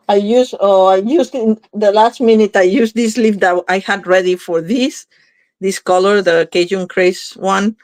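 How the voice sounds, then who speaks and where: A woman hosts a card-making video, chatting casually and thinking out loud as she works, often correcting herself mid-thought. Her mid-range voice is a little mellow, in a dry recording.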